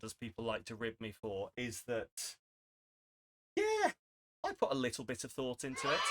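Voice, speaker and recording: A man's voice: medium pitch, very noisy. A young man chatting casually on a charity live stream, rambling and self-deprecating. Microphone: desk microphone.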